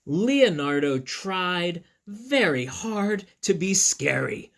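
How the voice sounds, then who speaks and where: A man's voice: sits high, sing-song, slow, gravelly, fairly bright tone, a little hiss or hum. A man, a school teacher, reading a picture book aloud to children and chatting with them as he goes. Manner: chatty, talks straight to young listeners; playful asides and counting along.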